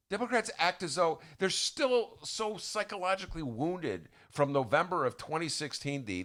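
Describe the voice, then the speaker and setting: A man's voice: a little high, sharp tone. A man giving an indignant, stumbling political rant on a talk podcast, recorded at a studio microphone. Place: radio-style studio.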